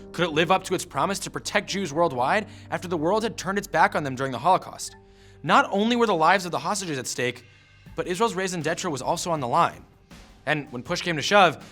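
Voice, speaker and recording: A man's voice: a little high, a bit bright. A man giving scripted history narration in a punchy storytelling manner with wry asides.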